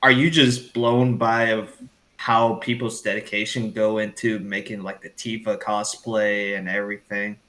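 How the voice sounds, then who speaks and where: A man's voice: fairly low pitch, little pitch movement, unhurried, pushed and bright. A man on a podcast panel asking a question politely, with hesitant restarts. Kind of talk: casual podcast interview.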